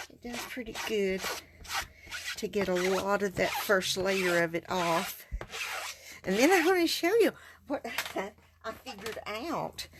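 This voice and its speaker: Over some background noise, a woman with a fairly high-pitched voice walks livestream viewers through card stamping. It's a casual craft demo, and she keeps up a folksy, chatty stream of talk while she works.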